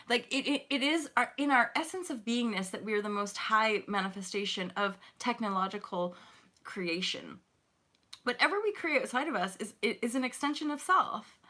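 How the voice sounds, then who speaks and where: A woman's voice: medium pitch, bright, forceful tone. A woman hosting a spiritual livestream, chatting casually with viewers, swearing freely and laughing often. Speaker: spiritual coach and livestream host. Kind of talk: casual livestream chat reading comments.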